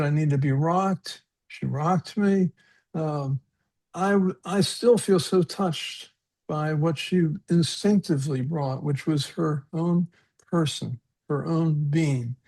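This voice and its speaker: A man with a fairly high, gravelly, slightly rough and darkish voice speaks slowly while presenting on a webinar panel over a video call. Earnest and reflective, he tells personal stories, often repeating words, restarting sentences and chuckling at his own anecdotes.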